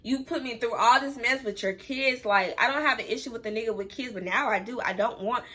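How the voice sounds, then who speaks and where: Bright-voiced young woman telling a story. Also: fairly high pitch, a little fast. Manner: candid, chatty, talks straight to viewers as "girl"; emotional, close to tears at times. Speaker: vlogger. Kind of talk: casual story time vlog.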